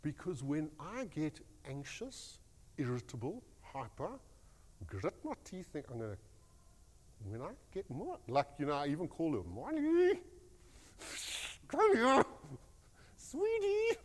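Animated male pastor. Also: fairly high pitch, moderate pace, in a large hall. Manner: animated storytelling, rambling restarts. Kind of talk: devotional talk.

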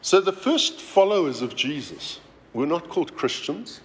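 A man preaching a sermon as pastor, talking in a conversational, animated way with many asides. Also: on the high side, moderate pace. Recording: roomy hall reverb, faint ambience.

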